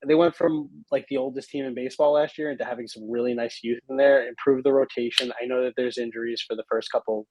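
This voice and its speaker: A man's voice: medium pitch, fairly even intonation, quick pace, few pauses, noisy background. Blunt, opinionated male co-host. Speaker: podcast co-host. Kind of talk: casual sports chat.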